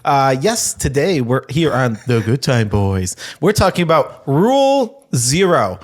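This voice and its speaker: A man hosts a casual comedic chat, teasing his co-hosts and laughing often. His voice rises and falls in a lively way, and his pitch sits in the middle of the range. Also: measured pace. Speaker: podcast host.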